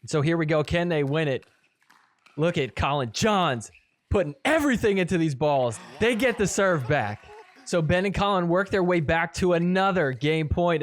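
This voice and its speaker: A man's voice: fairly high pitch, lively intonation, moderate pace. A man hosting a podcast, giving a casual, teasing play-by-play recap of match footage and laughing often. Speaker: podcast host.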